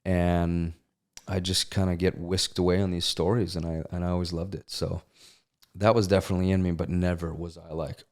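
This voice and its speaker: Speaking with a low voice a little on the fast side, a middle-aged actor shares stories casually as an interview guest. He animatedly performs the quotes he recounts, giving each person a voice.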